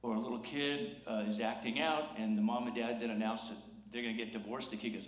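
A man preaches in a church, and his voice carries a roomy echo off the walls. His pitch sits mid-range for a man. He keeps the sermon loose and chatty, with jokes and little acted-out voices. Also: fairly even intonation, fairly quick. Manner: conversational and humorous, acts out quoted voices. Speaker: pastor. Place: church sanctuary.

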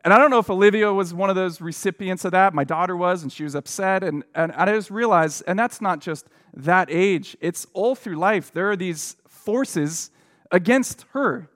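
Earnest middle-aged male preacher, higher voice. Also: moderate pace, fairly bright tone. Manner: conversational, earnest, with many fillers and restarts. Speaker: pastor. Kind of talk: sermon with personal storytelling.

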